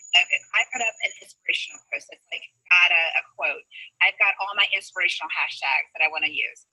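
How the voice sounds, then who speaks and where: A woman giving business coaching advice in casual call chat, chatty and quoting conversations in quick bursts, over a phone line. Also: fairly low pitch, bright, forceful tone, husky, no room sound.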